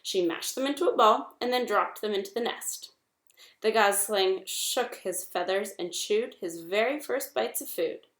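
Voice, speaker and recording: Woman, storybook reader, expressive, measured, echoey room. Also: medium pitch. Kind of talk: storybook read-aloud.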